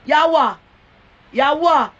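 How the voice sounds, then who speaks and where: A woman's voice: sits high, slow pace, a bit bright, muffled recording. A Jamaican woman ranting on a phone live stream, full of profanity and taunts that keep repeating. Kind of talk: cussing rant on a live stream.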